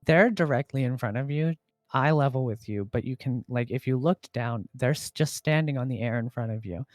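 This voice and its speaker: A man narrating a tabletop game as game master, relaxed and hesitant, with frequent fillers. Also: medium pitch, normal speed, dry recording, faint music behind.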